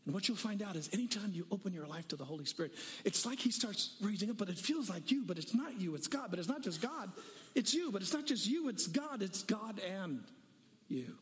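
A man preaching in a large reverberant hall, his voice sitting high and swinging widely in pitch. He tells stories with quick changes of voice and presses his listeners with dares. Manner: animated storytelling, shifting voices for quotes, daring the listeners. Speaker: pastor. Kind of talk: sermon.

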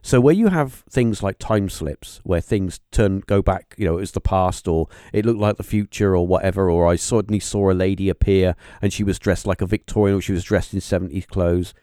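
A man hosting a podcast interview, talking in a halting, musing way with lots of fillers and restarts. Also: sits low, dark tone, dry recording, clean studio sound. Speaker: podcast host. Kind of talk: casual interview chat.

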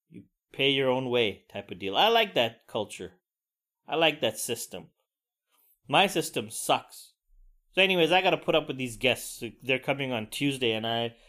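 A man in his forties rants through a solo podcast episode in a voice pitched somewhat high for a man. He talks bluntly and swears freely. His speech is loose and conversational, full of asides. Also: fairly bright tone. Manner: blunt, profane ranting. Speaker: podcast host. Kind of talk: casual solo monologue.

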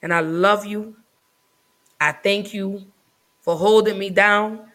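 A woman hosting a casual live podcast, talking in an effusive, affectionate way with drawn-out phrasing. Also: mid-range voice, fairly even intonation, fairly bright tone, poor audio. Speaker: podcast host.

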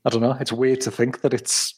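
A man's voice: mid-range voice, flat delivery, brisk, darkish tone, husky. A man chatting casually on a podcast in a rambling, hesitant way, swearing now and then.

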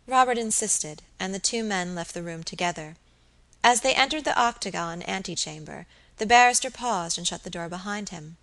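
A woman narrating a Victorian novel for an audiobook. Her telling is measured and steady, at a middle pitch.

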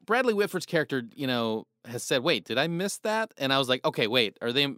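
Bright, lively-pitched man asking questions. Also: a little fast, no echo, clean studio sound. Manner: curious, playful questioner who laughs easily. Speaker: podcast host. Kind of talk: casual interview chat.

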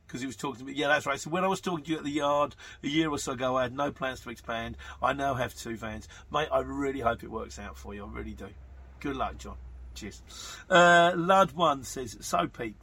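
A man's voice: a little high, sharp tone, breathy edge. A man hosting a podcast, chatting casually and rambling through listener messages with plenty of fillers. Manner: chatty, rambling, matter-of-fact with frequent fillers. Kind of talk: casual chat.

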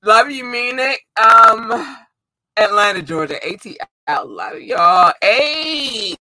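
An excitable man speaks in a high, bright voice, full of warm, gushing energy. He talks slowly and often trips over unfamiliar names. The sound is close and dry, with no room around it. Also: no room sound, poor audio. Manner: excited, effusive, stumbles over place names. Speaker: host shouting out listeners. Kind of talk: casual chat.

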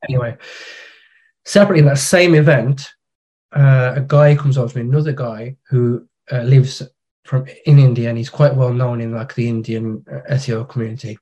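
A man talking as a podcast guest. His voice is mellow and warm, and he speaks frankly and casually. He tells long anecdotes and uses slang. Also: medium pitch, steady tone, brisk, lo-fi sound. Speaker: podcast guest, digital marketer. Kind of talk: casual conversation.

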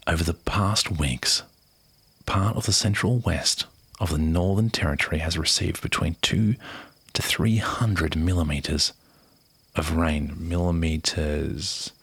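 A man reads a news piece aloud in a soft, unhurried way, slipping into near-whispers and chatty asides. His voice is very low, rough and breathy, with lots of fry. The sound is dry and close. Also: dry recording. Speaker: reader of a news article. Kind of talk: casual read-aloud with asides.

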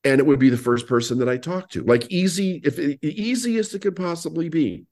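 A man's voice: a little high, brisk. A man, a business coach guest on an interview, telling his story and acting out old conversations. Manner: animated storyteller, acts out past dialogue.

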